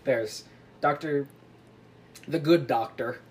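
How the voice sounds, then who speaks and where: A woman's voice: rumbling low, slow pace, slight background noise. A woman casually retelling a book plot to friends, rambling and giggling as she acts out the characters. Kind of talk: casual group chat. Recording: lively group laughing behind.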